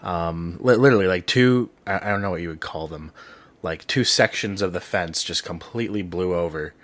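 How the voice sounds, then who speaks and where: Rambling, low-voiced podcast host man. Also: normal speed. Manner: rambling storyteller, heavy on "um", "like" and "right?". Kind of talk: casual podcast chat.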